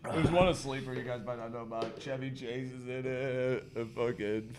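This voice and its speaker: A man's voice: mid-range voice, fairly even intonation, normal speed, heavy background noise. A man co-hosting a show, chiming in with short, playful comments and laughing often. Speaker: podcast co-host. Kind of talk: casual chat.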